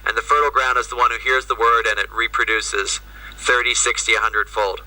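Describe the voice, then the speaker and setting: Man, Jesuit priest, anecdotal storytelling, humorous asides, very bright tone, distant video-call sound. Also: mid-range voice, fairly quick. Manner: lively, humorous, conversational with asides. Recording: distant, remote audio.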